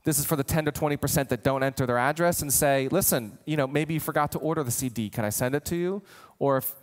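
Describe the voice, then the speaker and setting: A man giving an energetic marketing training talk, animated and acting out imagined customers. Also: fairly high pitch, quick pace, long reverb tail. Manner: animated, voices imagined customers, gets worked up. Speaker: marketing coach.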